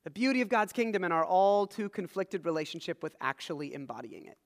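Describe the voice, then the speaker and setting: A man preaching a sermon in a church sanctuary, his voice set high for a man. He swings between loud, stressed points and quiet, low asides. A long reverb from the big hall trails every phrase. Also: animated, a little fast, vocal fry. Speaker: pastor.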